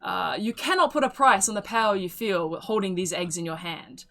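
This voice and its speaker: A woman voicing a proud female auctioneer who delivers a grandiose sales pitch to a crowd. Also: animated, normal speed, pushed and bright. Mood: persuasive. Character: proud, showy woman auctioneer hawking wares.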